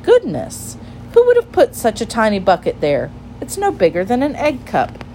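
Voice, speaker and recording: A woman's voice: a little high, wildly swooping pitch, moderate pace, dark tone, slight background noise, rough recording. A woman reading a storybook aloud and voicing a curious, polite young girl with an eager manner.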